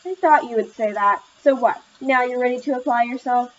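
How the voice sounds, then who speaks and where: A woman voicing a patient, encouraging female tutor who teaches speech, read in a gentle, upbeat teacherly way. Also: a little high, fairly quick, a little hiss or hum, close to an everyday voice. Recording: slightly muffled lo-fi recording.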